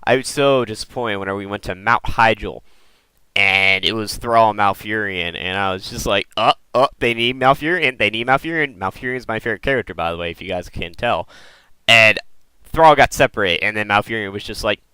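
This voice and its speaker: An excitable man hosting a gaming video who rambles and often stumbles over repeated words. His voice sits on the low side but sounds bright and crisp. The recording is dry and close. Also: a little fast, dry recording, poor audio. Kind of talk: casual lore theorizing talk.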